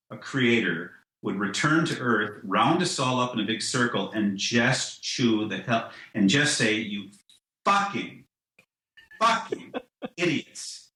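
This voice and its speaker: A man talks loosely on a podcast, circling back with restarts and "you know" over and over. His voice is bright and forward. The room around him sounds roomy and echoey. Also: on the low side. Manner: animated, laughs at his own ideas. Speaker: guest, comic writer. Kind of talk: casual podcast conversation.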